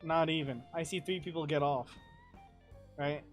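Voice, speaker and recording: A man's voice: fairly high pitch, moderate pace, faint music behind. A young man, a podcast guest, telling a travel story in casual chat, swearing freely and laughing as he talks. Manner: profane, animated, laughs through his story.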